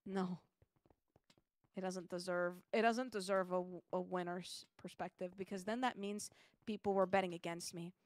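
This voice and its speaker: A woman's voice: lowish voice, steady tone, normal speed, no room sound. A young woman streaming a game, chatting casually and grumbling playfully about her loot. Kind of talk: casual gaming stream chat.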